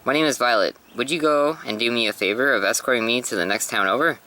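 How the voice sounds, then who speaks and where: Sultry runaway woman in a manga reading, a man putting her on, bright tone. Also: mid-range voice, fast, lightly acted, low-quality recording. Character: woman, seductive femme fatale on the run.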